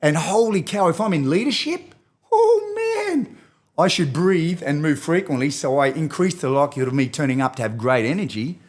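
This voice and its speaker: An Australian man talking as a podcast guest and movement expert, energetic and animated, coaching the host as he explains. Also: a little high, a little fast, few pauses. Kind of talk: enthusiastic podcast interview talk.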